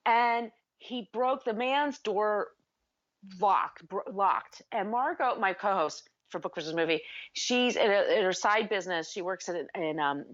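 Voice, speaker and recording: A woman co-hosting a podcast in casual chat, animated and acting out scenes as she retells them. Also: mid-range voice, measured pace, muffled recording. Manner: animated, acts out movie characters with shouting. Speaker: podcast co-host.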